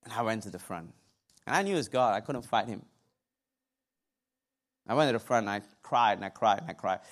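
A man's voice: lowish voice, fairly quick. A man preaching a sermon, telling a personal story with humor and asides to his congregation. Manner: humorous, animated testimony with asides to the audience.

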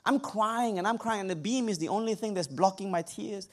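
A man's voice: high voice, brisk. A man preaching a sermon, telling a personal story with humor and asides to his congregation. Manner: humorous, animated testimony with asides to the audience.

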